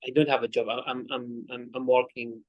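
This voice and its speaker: A man's voice: medium pitch, flat delivery, highs cut off. Hesitant man asking questions. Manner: hesitant, halting, laughs shyly.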